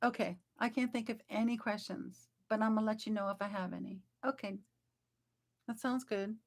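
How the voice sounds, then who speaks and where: This vocal coach has a creaky, medium-pitched voice and talks at an ordinary pace. In her live online singing lesson she chats warmly, encourages her students, and breaks in with brief sung examples.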